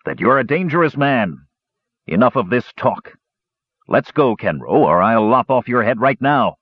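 A man's voice: mid-range voice, sing-song, normal speed, dry recording, highs cut off, pitched above the performer's own voice, lightly acted. A man doing a sneering army officer. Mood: threatening. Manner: dark, sneering.

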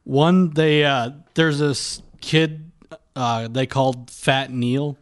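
A man sharing stories as a podcast guest, in a relaxed and somewhat hesitant way. He speaks at a middle pitch and trails off between thoughts with plenty of fillers. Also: slow pace. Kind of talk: casual chat.

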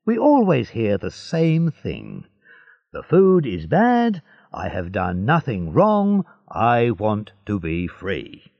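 A man's voice: lowish voice, huge pitch swings, slow, vocal fry, no room sound, muffled recording, heavily acted. A man voicing a bored, superior male chief officer of prisons, dismissive in tone.

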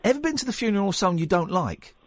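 A man's voice: sits high, sing-song, racing, slight background noise. Playful rambling male radio host. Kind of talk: casual radio chat. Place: radio studio.

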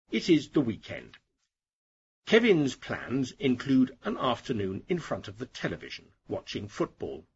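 Slow, husky man teaching English. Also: mid-range voice, huge pitch swings, highs cut off. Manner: slow, clear and deliberate for learners. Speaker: English teacher, podcast host. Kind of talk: scripted lesson narration.

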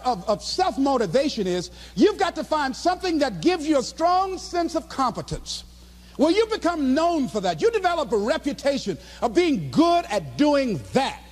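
A man giving a motivational speech in an impassioned, preacher-like way, often raising his voice to a shout. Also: very high voice, long reverb tail. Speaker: motivational speaker.

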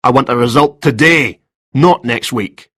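A man's voice: medium pitch, measured pace, fairly bright tone, slightly rough, no room sound, clean studio sound. A man reading a story, voicing a stern male police detective with firm, clipped lines, a little raised from his usual tone.

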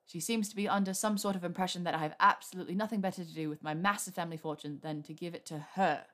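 A woman voicing a young wizard man in love, speaking low, dry and teasing. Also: fast talker, close to an everyday voice.

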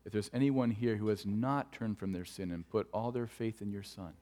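A man preaching a sermon as pastor, telling stories earnestly and dropping to hushed tones for tender moments. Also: lowish voice, moderate pace. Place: church sanctuary. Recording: long church hall reverb.

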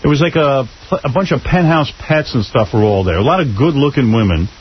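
Animated, teasing male radio host. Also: medium pitch, brisk, slightly rough. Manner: blunt, teasing. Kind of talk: talk radio interview. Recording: dull radio broadcast sound.

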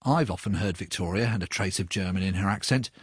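A man's voice: low-pitched, quick pace, husky, dry recording, studio quality. A man narrating a documentary with a wry, inquisitive manner. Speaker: podcast presenter.

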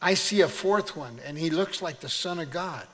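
A man's voice: a little high, normal speed, a bit bright. A man preaching a sermon as pastor, exhorting his church in a preacherly call-and-response manner. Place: church sanctuary. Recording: long reverb of a church hall.

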